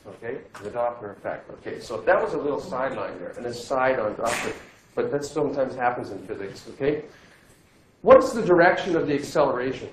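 A male physics teacher giving a classroom lecture, lively and joking as he quizzes his students. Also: medium pitch, fairly quick. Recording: echoey classroom, faint noise.

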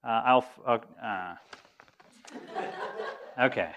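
A man's voice: mid-range voice, slow pace, highs cut off, noisy background. A male physics lecturer giving a live lecture in a conversational way, often correcting himself mid-sentence. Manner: conversational, many self-corrections and restarts; dry self-deprecating humor.

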